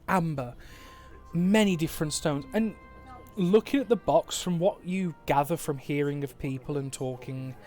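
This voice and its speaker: A man's voice: a little high, darkish tone. A man running a tabletop game as game master over an online call, describing scenes in detail, laughing readily and swearing casually.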